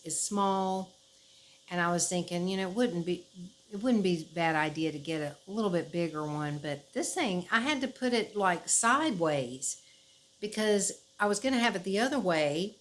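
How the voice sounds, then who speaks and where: A woman's voice: on the low side, a bit bright, poor audio. A woman chatting casually to her camera at home, rambling with fillers and laughs. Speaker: vlogger. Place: her house, indoors.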